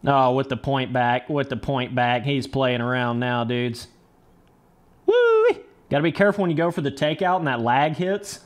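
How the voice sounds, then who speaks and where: A man's voice: mid-range voice, moderate pace, hardly any pauses. A young man streaming a motocross game live, swearing casually, coaching himself through the race and chatting with viewers. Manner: casual, profane, talks to chat as brother and dudes; talks himself through the race under his breath. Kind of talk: live gameplay commentary.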